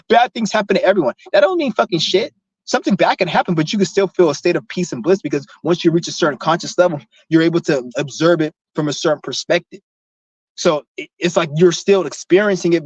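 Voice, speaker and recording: A vlogger preaching breatharianism rants casually to the camera, rambling and emphatic, with lots of swearing. His voice is fairly high, and the recording sounds dull, lo-fi and dry.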